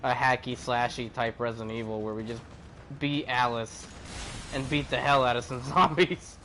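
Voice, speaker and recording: A man chatting casually while streaming a game, animated and joking, swearing freely. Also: mid-range voice, normal speed, slight background noise. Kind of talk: casual gaming chat.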